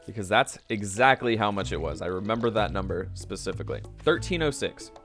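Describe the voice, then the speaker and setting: A man's voice: lowish voice, expressive, fairly quick, fairly bright tone, soft background music. A young man chatting casually while playing a game, rambling and trailing off mid-sentence as he tells stories from work. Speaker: gaming video creator. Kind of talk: casual gameplay commentary with storytelling.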